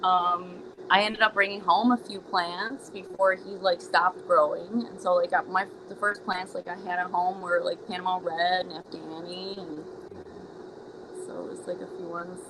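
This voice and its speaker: A woman's voice: on the low side, flat delivery, normal speed. Woman guest rambling about how she got started, lots of "like", noisy background. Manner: chatty, full of "like" fillers. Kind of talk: casual interview talk.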